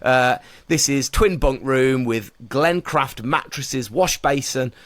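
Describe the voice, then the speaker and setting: A man's voice: medium pitch, slow, a bit bright, no echo. A man, co-hosting a podcast and quizzing his friends in a playful way. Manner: playful quizmaster. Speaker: podcast co-host. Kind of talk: casual chat.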